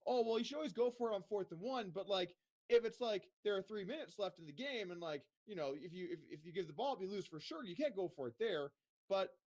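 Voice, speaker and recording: A man co-hosting a podcast, chatting casually and ranting with swearing. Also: high-pitched. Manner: animated, ranting, swears freely. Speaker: podcast co-host.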